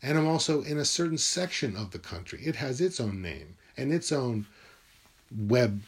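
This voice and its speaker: A man's voice: mid-range voice, sing-song, moderate pace, husky. A man talking alone in his room in a rambling, musing monologue, swearing freely as he goes. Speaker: vlogger.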